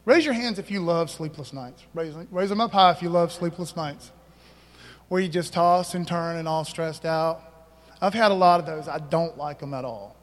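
High-voiced preacher man in a reverberant church. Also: normal speed. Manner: casual, conversational preaching with slang and rhetorical questions. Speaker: pastor. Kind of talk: sermon. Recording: long hall reverb.

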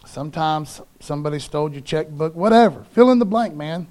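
A man preaching a sermon in church, casual and animated, often calling listeners "man.". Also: a little high, fairly quick, hardly any pauses.

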